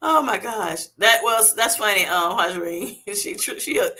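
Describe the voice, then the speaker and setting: A woman with a mid-range, expressive voice speaks slowly in a pushed, bright tone. She's hosting a livestream from her phone at work, reading viewers' comments aloud, laughing a lot and playfully teasing them.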